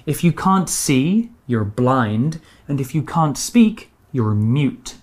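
A woman with a British accent teaching English words, explaining each one slowly and clearly with example sentences. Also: rumbling low, very animated, a little mellow. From Britain. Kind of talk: bilingual radio English lesson.

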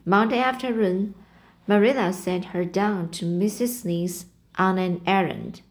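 Slow careful woman reading aloud. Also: mid-range voice, fairly even intonation. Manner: careful, halting, rereads and corrects words. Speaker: reading teacher. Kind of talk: slow read-aloud of a novel with word explanations.

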